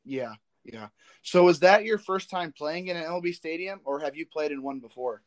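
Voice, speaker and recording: With an expressive, somewhat high voice at normal speed, a man from the American Midwest hosts a podcast. He asks rambling, casual interview questions packed with repeats and restarts, recorded with no room sound.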